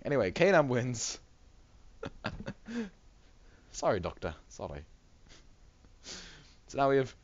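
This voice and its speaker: Giggly low-voiced man commentating games. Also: sing-song, moderate pace, long pauses, no echo, dull audio. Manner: giggly, rambling, laughs often. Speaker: tournament host and commentator. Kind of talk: casual game commentary.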